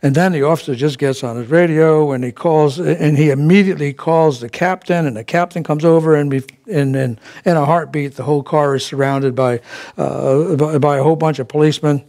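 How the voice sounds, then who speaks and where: A man's voice: fairly high pitch, steady tone, a little fast, a little mellow. A man giving a casual sermon at a spiritual center, folksy and chuckling, with many fillers and restarts. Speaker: spiritual practitioner giving a talk.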